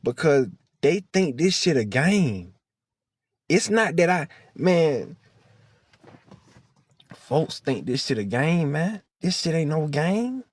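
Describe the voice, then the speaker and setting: A man's voice: fairly high pitch, big pitch swings, takes it slowly, long pauses, slightly rough, no echo. A man vlogging in a heated, preachy monologue, swearing freely and close to tears. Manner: impassioned, preachy, profane. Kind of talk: emotional direct-to-camera monologue.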